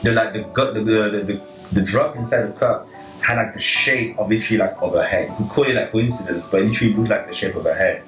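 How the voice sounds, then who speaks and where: Brief: young man, lowish voice, chatty anecdote, roomy distant mic with faint music. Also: fast talker. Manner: animated, filler-heavy, full of "like" and "right?". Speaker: podcast co-host telling a story. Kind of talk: casual storytelling chat. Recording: echoey room, slightly distant, faint music.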